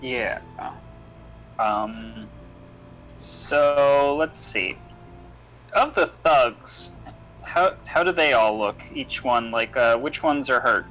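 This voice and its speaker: A man playing in a tabletop game over a voice call, relaxed and musing as he talks. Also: medium pitch, extremely slow, long pauses, faint music behind, poor audio. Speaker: player. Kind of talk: casual play over a voice call.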